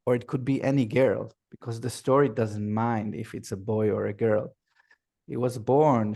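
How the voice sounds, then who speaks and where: A man, a workshop facilitator, telling a folk tale slowly over a video call, repeating and searching for words. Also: medium pitch, creaky, warm tone. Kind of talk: oral storytelling.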